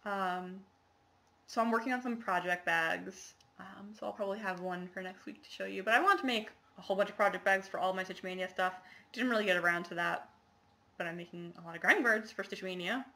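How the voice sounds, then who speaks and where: A woman's voice: mid-range voice, fairly quick, bright, forceful tone. A woman chatting casually to the camera in a show-and-tell video, rambling with lots of fillers and apologies. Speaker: cross-stitch vlogger.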